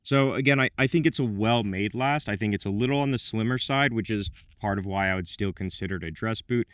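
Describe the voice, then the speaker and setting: A man with a fairly low voice talks through a product review from a script. He drops in wry, self-deprecating asides. The recording is dry and close, with no room sound. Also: fairly quick, fairly bright tone, clean tone, no echo. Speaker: menswear reviewer.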